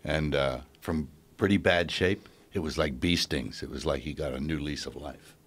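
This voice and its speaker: A middle-aged man, a podcast guest, telling a story in a halting, anecdotal way with chuckles. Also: extremely low pitch, fairly bright tone, breathy edge. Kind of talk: casual chat.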